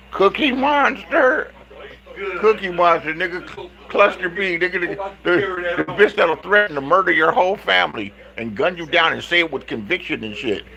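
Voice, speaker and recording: Man from Los Angeles, livestream rant, gravelly fry, bright forceful tone, profane, rambling restarts. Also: fairly high pitch, poor audio. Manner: calls out other streamers directly. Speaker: livestream host.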